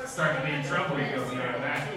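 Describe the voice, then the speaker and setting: A man's voice: mid-range voice, quick pace, over a noisy crowd. A man hosting a podcast in a bar, greeting everyone in a grand, playful way. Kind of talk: casual chat. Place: busy bar. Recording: echoey bar, mic at a distance, loud music. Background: loud music.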